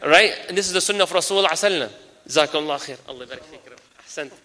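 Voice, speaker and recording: A man preaching a lively sermon to an audience, mixing in Arabic phrases and addressing the crowd directly. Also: on the high side, very fast. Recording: long hall reverb.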